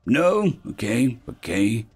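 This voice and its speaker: A man's voice: medium pitch, big pitch swings, takes it slowly, slightly rough, full character voice. A man playing a scarred, reckless human spacer who speaks with a thick accent in a blunt, offhand way. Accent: thick foreign accent.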